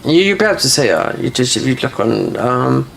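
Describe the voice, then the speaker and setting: A man's voice: medium pitch, sing-song, a little fast, vocal fry, very noisy. A man with a South London accent chatting casually while he plays a game, rambling from one thought to the next with lots of "you know" and restarts. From London, England. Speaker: gaming streamer.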